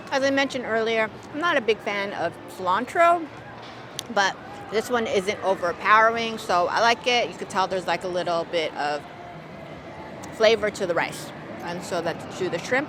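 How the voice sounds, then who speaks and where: A woman's voice: mid-range voice, background noise. A woman food vlogger chatting casually as she tastes and reviews dishes outdoors, hedging and thinking aloud. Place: outdoors at a theme park, windy.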